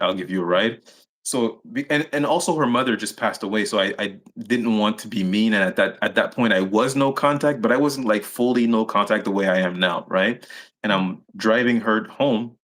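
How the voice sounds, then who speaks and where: A man recounting his own childhood in a live interview, halting, with many restarts and fillers. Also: on the low side, fairly bright tone. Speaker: interview guest. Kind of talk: personal story in a live interview.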